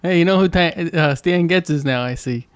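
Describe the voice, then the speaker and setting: A man's voice: fairly high pitch, normal speed, no room sound. Middle-aged man cracking dry jokes. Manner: dry joking quips. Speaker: guest, host's father. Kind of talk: casual podcast chat.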